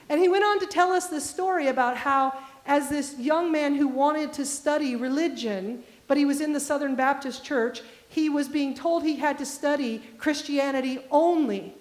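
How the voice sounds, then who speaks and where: A woman pastor from the Midwest with a high voice, preaching in a relaxed storytelling way. She turns to her congregation with direct questions. The reverberant church sanctuary rings around her words. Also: normal speed, few pauses. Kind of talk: conversational storytelling sermon.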